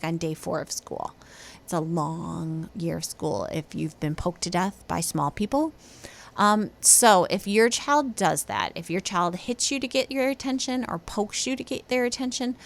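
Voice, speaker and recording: A woman in her thirties hosting a parenting podcast, giving casual advice in a chatty, animated way and acting out kids' and parents' voices. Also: mid-range voice. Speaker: podcast host and teacher.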